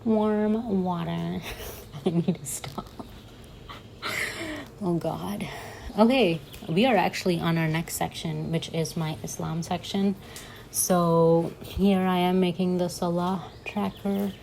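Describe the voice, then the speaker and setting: A woman's voice: fairly low pitch, steady tone, slow, gravelly, a little mellow, slight background noise, low-quality recording. A young woman chatting casually in a voice-over while she sets up her journal, giggling and joking at herself as she goes. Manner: chatty and giggly, self-mocking asides. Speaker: bullet journal vlogger.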